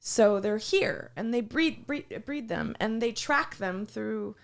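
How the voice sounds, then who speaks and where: A woman's voice: on the high side, expressive, slow pace, vocal fry. Woman cohost chatting away, keeps losing the word mid sentence. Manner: chatty, trails off searching for words. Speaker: podcast co-host. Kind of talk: casual chat.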